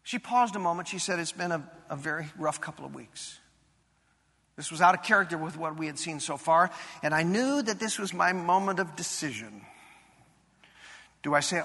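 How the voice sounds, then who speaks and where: Preaching in a church sanctuary, this man speaks with a highish, husky voice that sounds pushed and bright, animated but at a moderate pace. His personal story unfolds earnestly and confessionally, climbing to fervent emphasis amid long hall reverb.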